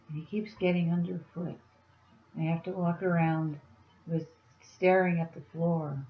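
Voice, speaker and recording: A woman vlogging casually, rambling through a dream story and talking softly to her cat. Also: lowish voice, flat delivery, measured pace, roomy sound, phone-quality sound, a little hiss or hum. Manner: meandering, soft-spoken to her cat. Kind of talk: casual vlog.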